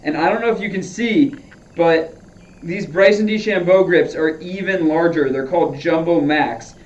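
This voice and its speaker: Speaking at a moderate pace in a fairly high voice, this golfer chats with viewers during a streamed practice session and narrates his own swings. Audio quality is dull and lo-fi, with a distant, roomy feel.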